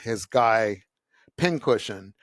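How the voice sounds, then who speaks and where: A man's voice: lowish voice, animated, takes it slowly, no room sound, studio quality. A man as the author guest of an interview, telling his story with animation and acting out voices. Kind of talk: conversational interview.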